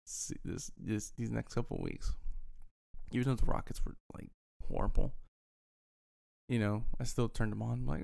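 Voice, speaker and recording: A man's voice: mid-range voice, steady tone, moderate pace, gravelly, mellow. A man in a casual, profane rant as an upset sports fan, talking heatedly and repeating himself. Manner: heated, profane, repetitive ranting.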